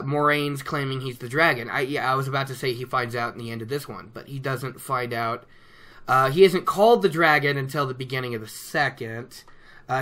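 A man chatting casually as he recaps a book, animated and laughing, acting out characters' lines. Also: fairly high pitch. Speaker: book discussion host.

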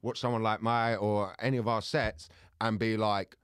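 A man who co-hosts a podcast and does comedy, chatting in quick, rambling banter full of slang. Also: lowish voice, level tone, fairly bright tone, clear, resonant tone, no echo, clean studio sound. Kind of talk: casual podcast chat.

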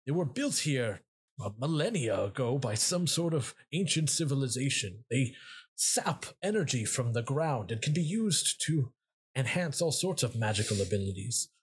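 A man voicing an excitable, nervous male half-orc architect in a tabletop game. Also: mid-range voice, normal speed, husky. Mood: giddy.

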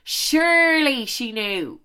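A young woman hosts her podcast in a casual, gossipy chat. Her voice is bright and forward. She leans into dramatic emphasis and fires off rapid asides. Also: high voice, very animated, clear, resonant tone. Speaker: podcast host.

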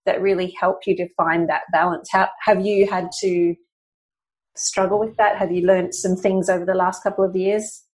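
A woman's voice: on the low side, little pitch movement, normal speed, darkish tone, rough recording. A woman hosting a casual podcast interview, asking long, rambling questions and often correcting herself mid-sentence. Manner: rambling, self-correcting questions full of "you know". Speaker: podcast host.

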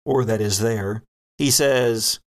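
A man narrating a tabletop horror game as game master, in measured, descriptive narration. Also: mid-range voice.

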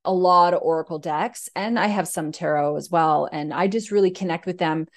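A woman's voice: on the low side, moderate pace. A woman hosting a spiritual podcast, interviewing a guest in an affirming, conversational way. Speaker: podcast host.

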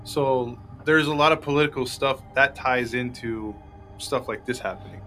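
A man co-hosting a podcast in casual chat, telling stories in an animated way. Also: medium pitch, moderate pace, faint music behind. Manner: animated storyteller, does silly character voices. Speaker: podcast co-host.

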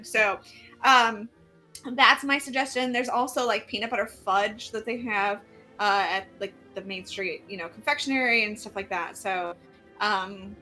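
Woman co-host, bright crisp voice, rambly chat with lots of ums, faint music behind. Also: mid-range voice, normal speed. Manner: rambling, filler-heavy chat. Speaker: podcast co-host. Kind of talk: casual podcast chat.

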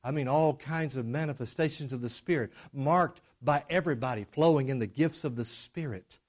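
A middle-aged man preaching a sermon, swinging from loud, emphatic declarations to low, hushed drama. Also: normal speed. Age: middle-aged or older.

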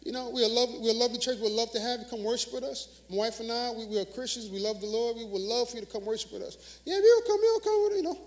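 A man's voice: extremely high pitch, little pitch movement, fast, few pauses. A man preaches in a church. He talks conversationally, then drives points home with emphatic repetition and questions thrown out to the congregation. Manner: emphatic, call-and-response preaching. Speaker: minister. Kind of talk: sermon.

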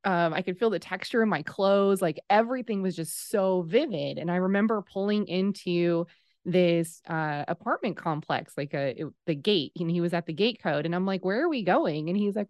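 A woman in her thirties telling a personal story in casual conversation, acting out the quoted dialogue with lively swings in her voice. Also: medium pitch, dry recording. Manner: animated, acts out quoted dialogue.

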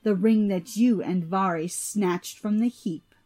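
A woman's voice: medium pitch, measured pace, dark tone, soft background music, close to an everyday voice. A woman doing a sly trickster god. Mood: accusing. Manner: commanding, sly. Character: cunning male trickster god. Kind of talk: storybook reading.

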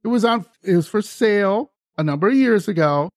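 A man hosting a podcast, telling a story in casual chat, animated and laughing often. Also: high-pitched, fairly quick, no echo, clean studio sound. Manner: animated, laughs often, acts out quoted voices. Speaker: podcast host.

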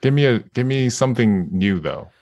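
A man, a video game actor, chatting as an interview guest, relaxed and laughing often, with hesitant fillers. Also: mid-range voice, moderate pace, no echo, highs cut off. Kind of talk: casual interview chat.

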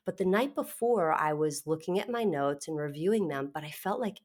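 A middle-aged woman speaks in a low voice as an interview guest. She tells her story candidly and animatedly, laughing between phrases and restarting sentences quickly. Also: lively intonation, darkish tone.

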